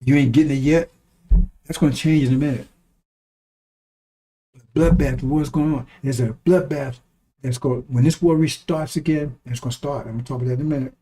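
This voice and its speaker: A man's voice: mid-range voice, fairly even intonation, a little fast, long pauses, mellow, slightly rough. A man giving a blunt, profane, preaching-style monologue, repeating lines for emphasis and chuckling between remarks. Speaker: online commentator.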